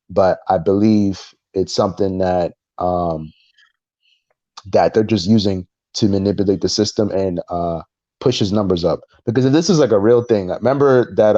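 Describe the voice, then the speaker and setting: On a casual podcast, a man co-hosting tells an animated story and performs the voices of its characters. His voice sits on the low side. The audio is muffled, though without echo.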